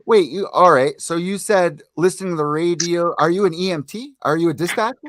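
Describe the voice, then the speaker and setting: A man co-hosting a casual podcast, energetic and joking, teasing his guests. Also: high-pitched, brisk, dry recording. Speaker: podcast co-host. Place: home city in the East.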